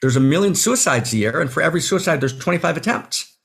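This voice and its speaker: Fast, expressive and fairly high-pitched, this author guest's voice is gravelly, fairly bright and slightly rough. Talking over a video call, he's passionate and emotional to the point of near tears, tagging lots of points with "right?"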